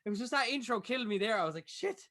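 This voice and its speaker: Lad co-host, high-pitched, animated, swears freely, casual chat. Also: male voice, rapid-fire, very noisy. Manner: swears a lot, excitable. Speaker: podcast co-host. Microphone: video call.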